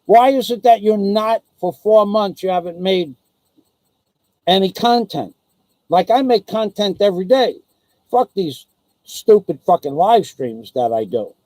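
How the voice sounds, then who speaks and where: A man's voice: high voice, a little mellow, dry recording, poor audio. A man ranting angrily and profanely on his own live stream, taunting and threatening someone. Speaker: vlogger. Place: living in the Philippines.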